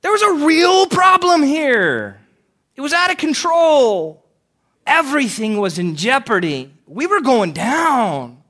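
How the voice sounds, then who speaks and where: A man voicing a panicking male disciple, ranting loudly and incredulously. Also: wildly swooping pitch, slow pace, exaggerated voice. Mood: exasperated. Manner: loud, incredulous, high-pitched ranting.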